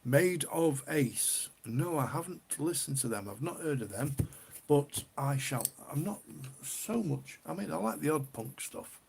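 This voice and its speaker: There's a little hiss or hum behind this man's slightly high, expressive, creaky voice, which moves a little slowly. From northern England, he hosts a casual livestream, chatting with viewers, reading their comments aloud and laughing often.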